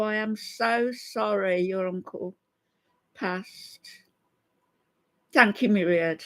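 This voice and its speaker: A middle-aged woman hosting a casual live stream, chatty and greeting her viewers one by one by name. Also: on the low side. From from an Irish family. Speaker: commentary channel host.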